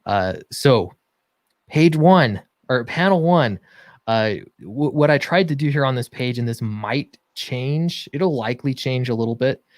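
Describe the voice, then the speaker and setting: A man's voice: mid-range voice, lively intonation, unhurried, no room sound. A man who writes comics, co-hosting a casual livestream and explaining his work with enthusiasm and a lot of "uh"s. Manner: enthusiastic explaining with many fillers. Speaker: comic book writer and co-host.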